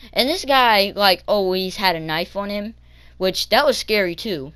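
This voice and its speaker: Give me a slow-talking teenage boy telling a story, hesitant and full of restarts. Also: high-pitched, sharp tone, clear, resonant tone. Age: teens. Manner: halting, with many ums and restarts. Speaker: vlogger. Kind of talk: storytime vlog.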